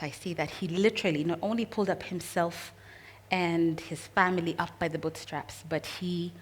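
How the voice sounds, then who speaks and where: A woman telling a personal family story in an earnest, expressive way, with pauses. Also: fairly low pitch, a little hiss or hum.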